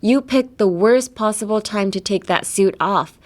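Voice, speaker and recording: A woman's voice: a little high, animated, racing, pitched above the performer's own voice. A woman reading the lines of an exasperated, bossy teenage girl from an anime, scolding in a reproachful way.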